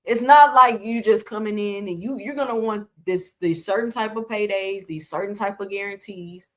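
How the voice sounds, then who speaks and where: A woman's voice: medium pitch, moderate pace. A woman hosting casual boxing reaction commentary, talking animatedly and piling up rhetorical questions.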